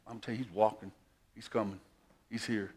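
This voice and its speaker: A man preaching a sermon, repeating phrases and swinging between loud bursts and hushed asides. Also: fairly low pitch, flat delivery, brisk, slightly rough.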